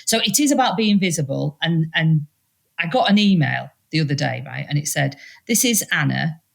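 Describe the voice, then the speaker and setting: A woman, a podcast guest telling stories in an animated, casual way and acting out quotes. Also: normal speed, gravelly. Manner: animated, acts out quotes in high voices. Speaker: podcast guest, speaker and mentor. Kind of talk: casual storytelling chat.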